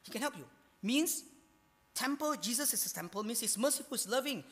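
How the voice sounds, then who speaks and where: A preacher with a Singaporean English accent delivers a sermon in a bright, forceful voice. The preacher is emphatic and keeps posing rhetorical questions before answering them. A long reverb trails each phrase, as in a large hall. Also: mid-range voice, lively intonation, a little fast. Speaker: pastor.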